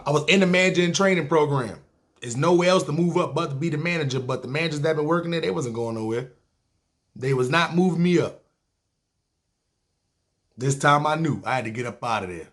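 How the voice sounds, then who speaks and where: A man's voice: on the high side, fairly quick, long pauses, fairly bright tone. A man with a New York accent telling a long personal story in a casual, profane, streetwise way, acting out other people's lines. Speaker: storyteller, podcast host.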